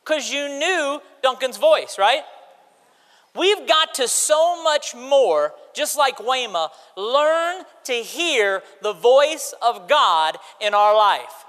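A man preaching an animated sermon to a church congregation, calling out to the crowd. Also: very high-pitched, takes it slowly. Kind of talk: sermon with audience participation. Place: church sanctuary. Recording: hall reverb in a large church.

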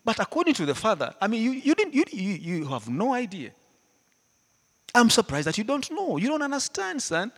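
A man preaching a sermon, animated, swinging between loud emphatic lines and hushed ones, often laughing. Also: sits high, a little fast. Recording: hall reverb.

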